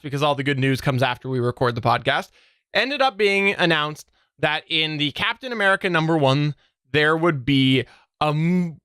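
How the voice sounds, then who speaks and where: A man hosting a casual podcast, with a bright, forceful voice that sits a bit high. He sounds smooth and crisp and talks in an animated, chatty way. The sound is close and dry. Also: no echo. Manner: laughs often, animated and chatty. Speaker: podcast host.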